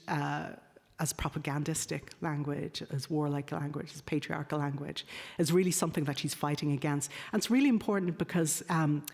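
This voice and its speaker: A woman's voice: deep voice, a little mellow. A woman giving an academic lecture, hesitating often with ums and uhs as she corrects herself. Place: lecture hall. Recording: reverberant lecture hall.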